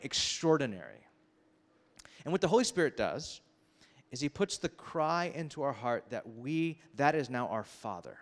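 Man preaching in a reverberant hall. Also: fairly high pitch. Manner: animated, acts out characters, quick asides. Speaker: pastor. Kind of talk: sermon. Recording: long reverb of a large hall.

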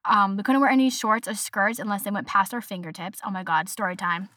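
Bright-voiced chatty woman podcaster. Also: mid-range voice, fairly even intonation, fairly quick, no room sound, studio quality. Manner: chatty, exasperated, mimics voices in quotes. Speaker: podcast host. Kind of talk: casual solo podcast rant.

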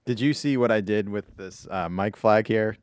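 Upbeat joking man, smooth dry voice. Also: lowish voice, normal speed, no echo. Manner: upbeat, joking, swears casually. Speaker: podcast co-host. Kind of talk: casual chat.

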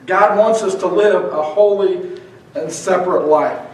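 A man with a high voice preaches a fervent sermon as pastor, his words often stumbling and repeating before he pushes on. He is heard from some distance off the mic, and a heavy echo hangs on every phrase. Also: unhurried. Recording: very echoey hall, mic far off.

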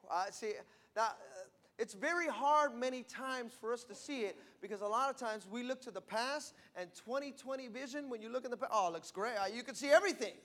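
A man preaching an emphatic sermon from the pulpit, repeating and stressing his key lines. His voice is unusually high for a man. He speaks to a live congregation in a church. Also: fairly bright tone. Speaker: pastor.

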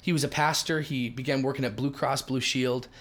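Animated middle-aged man telling stories. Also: mid-range voice. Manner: lively, emphatic, quick shifts in loudness. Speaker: guest telling ministry stories. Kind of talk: animated storytelling in a podcast chat.

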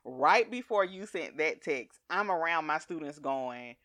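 A middle-aged woman telling a story in casual chat, animated and laughing often as she acts out voices. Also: sits low, measured pace, dry recording, studio quality.

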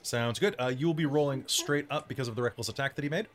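A woman running a tabletop game as game master, narrating combat in vivid, measured detail. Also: very deep voice.

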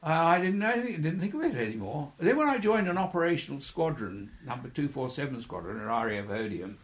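Talking fast in a slightly high, very animated voice, an older ex-air force pilot shares chuckling stories in an interview. He reminisces anecdotally and voices the people in his tales himself.

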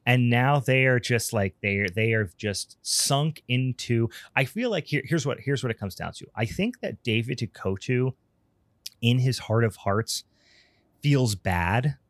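A man's voice: mid-range voice, expressive, unhurried, dry recording. A man co-hosting a casual film podcast, rambling in profane, laughing rants. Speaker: podcast co-host.

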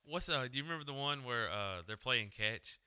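A man's voice: mid-range voice, animated, a little fast, pushed and bright, smooth. A man co-hosting a podcast, musing aloud and telling odd stories in casual chat. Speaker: podcast co-host.

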